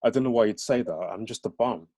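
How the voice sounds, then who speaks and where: A man's voice: on the low side, fast talker, dark tone, dry recording, clean studio sound. A man reading from his novel, voicing a worldly, offhand young man with a Brummie accent.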